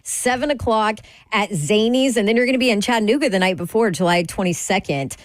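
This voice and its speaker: A woman hosts a sports radio show, upbeat and chatty as she questions her guest and plugs upcoming shows. Her voice is a middle pitch for a woman, close and dry on the studio mic. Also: a little fast, dry recording. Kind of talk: casual radio interview chat.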